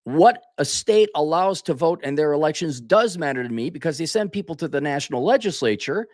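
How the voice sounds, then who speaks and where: A man's voice: a little high, expressive, a little fast, darkish tone. A man from Minnesota hosting his own opinion monologue, with a voice that swings widely up and down as he rants. He often stops to correct himself and throw in asides. The sound is close and dry, with no room echo. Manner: opinionated, ranting, with frequent self-corrections and asides. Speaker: commentator.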